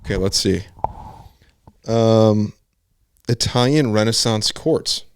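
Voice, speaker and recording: A man's voice: lowish voice, slow, smooth, no room sound, clean studio sound. A man hosting a podcast, chatting casually with crude, blunt jokes and frequent swearing. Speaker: podcast host. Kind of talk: casual chat.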